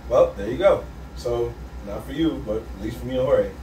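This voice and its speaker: A man's voice: medium pitch, moderate pace, warm tone. Laughing man hosting, echoey far mic. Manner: laid-back, reads a countdown list, laughs often. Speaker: podcast host. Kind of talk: casual chat. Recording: roomy echo, off-mic, faint noise.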